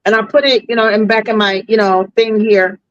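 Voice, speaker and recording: A woman's voice: medium pitch, brisk, dry recording, muffled recording. A woman, a delivery driver guest on a podcast, telling a story casually and animatedly with slang. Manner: animated, slangy, acts out voices.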